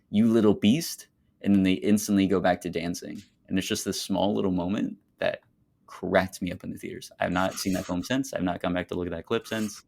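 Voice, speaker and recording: A young man co-hosting a casual movie podcast, enthusiastic and quick to laugh. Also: deep voice, vocal fry. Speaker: podcast co-host.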